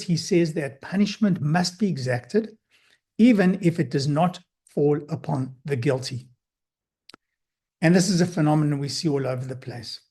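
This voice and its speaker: A man presenting a lecture as a psychologist, speaking in a measured way with frequent fillers and restarts. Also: a little high, darkish tone, husky. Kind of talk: lecture talk.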